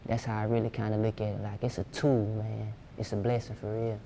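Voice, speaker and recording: A man's voice: on the low side, flat delivery, brisk, dark tone, slight background noise. Laid-back young man, slangy. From Georgia, USA. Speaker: music producer, guest. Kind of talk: casual interview.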